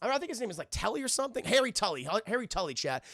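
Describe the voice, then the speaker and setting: A man's voice: high-pitched, very animated, very fast, a bit bright, dry recording, studio quality. A young man casually recapping a cartoon for his stream chat, rambling and swearing. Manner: rambling, profane, addresses chat constantly.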